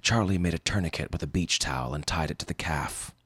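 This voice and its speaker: A man calmly narrating a first-person story. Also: very deep voice, a little fast, breathy edge.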